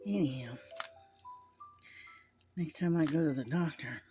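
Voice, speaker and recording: A man chatting casually to his camera at home, rambling with lots of fillers and restarts. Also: fairly high pitch. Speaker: vlogger. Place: at home indoors. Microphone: camera mic.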